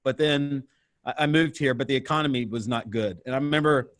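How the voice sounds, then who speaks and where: A man's voice: mid-range voice, brisk, no echo. A man in his thirties from the American Midwest, a guest on an entrepreneurship interview, telling his story casually and acting out the dialogue. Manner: animated storyteller, acts out dialogue.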